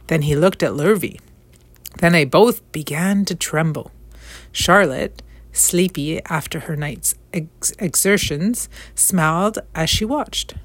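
A woman reading a children's storybook aloud in a gentle, measured way. Her voice is fairly low and sits dry and close, with no room sound. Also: no echo. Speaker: storybook reader.

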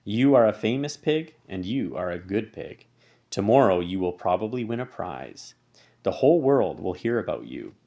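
A man doing a calm, wise female spider. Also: fairly low pitch, normal speed, gravelly. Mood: gentle. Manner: calm and soothing.

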